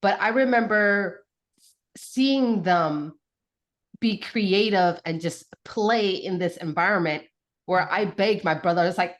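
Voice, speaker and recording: Chatty woman guest, animated storyteller, laughs easily, many restarts, even mid-range voice. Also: mid-range voice, unhurried, muffled recording. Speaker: podcast guest, mother. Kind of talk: casual storytelling interview.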